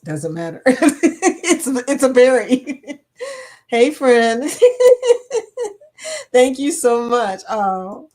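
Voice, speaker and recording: A woman's voice: on the high side, big pitch swings, very slow, long pauses, a little mellow. A woman in her fifties hosting a casual live chat, reading viewer comments aloud, laughing often and playful. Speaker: livestream host.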